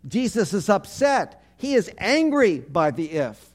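A man's voice: high-pitched, big pitch swings, unhurried. A man, a pastor, preaching a sermon, leading his congregation to repeat phrases back, with earnest, repetitive emphasis.

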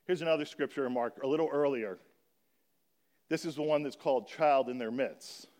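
In an earnest manner, a man speaks to a church congregation about a children's charity, explaining and reading scripture slowly aloud. His pitch is medium and his tone darkish.

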